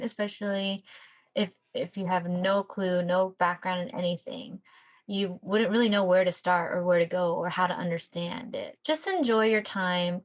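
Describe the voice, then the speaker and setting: An upbeat woman co-hosting a casual chat podcast. She talks with open energy and slips into excited quoted voices now and then, at a middle pitch. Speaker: podcast co-host, sonographer.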